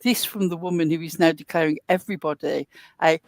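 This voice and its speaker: A woman's voice: low voice, steady tone, brisk, no room sound. English woman, stream co-host, blunt sweary put-downs, dry close sound. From England. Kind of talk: casual live-stream commentary.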